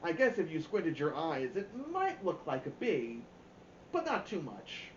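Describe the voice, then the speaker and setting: A man's voice: on the high side, huge pitch swings, measured pace, roomy sound, muffled recording, a little hiss or hum. A man reading a novel aloud for a storytime show, giving the characters' quoted lines their own voices. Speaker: storytime reader.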